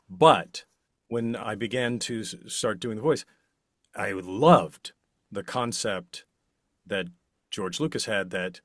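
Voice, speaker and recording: Middle-aged man, low voice, very slow, swelling emphasis, dry close sound. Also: no echo. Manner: slow, expressive, with big swells on key words. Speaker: interview guest, voice actor. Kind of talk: relaxed interview answers.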